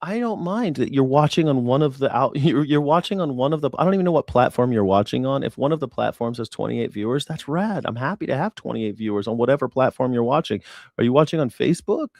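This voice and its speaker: A man hosting a live news reaction stream. He talks straight to his chat in a sarcastic, mocking way and swings between loud jabs and hushed asides. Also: medium pitch, lively intonation, fast talker, creaky, no echo, clean studio sound.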